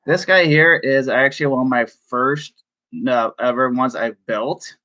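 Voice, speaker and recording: A man chatting casually on a live stream from his room, excitable and chatty, laughing often. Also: medium pitch, measured pace, muffled recording. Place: home room.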